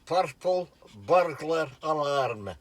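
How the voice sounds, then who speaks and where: An older man from Scotland with a Scottish accent, answering briefly and calmly. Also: on the high side, takes it slowly, dry recording.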